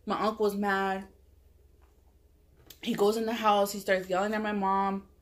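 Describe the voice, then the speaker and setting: A woman tells a story to her camera in a loose, rambling way. She fills her talk with "like" and keeps stopping to correct herself. Her voice sits at a middle pitch. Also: little pitch movement, measured pace. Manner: rambling, full of "like" and self-corrections. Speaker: mukbang vlogger. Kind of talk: casual storytelling.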